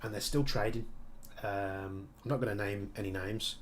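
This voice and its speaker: A Birmingham-accented airsoft tech streamer from Birmingham, England, builds on a live stream, chatting casually, answering viewer questions, and explaining his work. He talks at a moderate pace with a fairly low pitch and fairly even intonation, and there's slight background noise.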